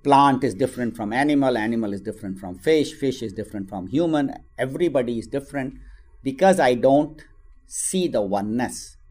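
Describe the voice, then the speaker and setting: A man's voice: mid-range voice, brisk. A man, giving a spiritual teaching on scripture and acting out a story as he tells it. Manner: animated storytelling, acts out voices in quotes.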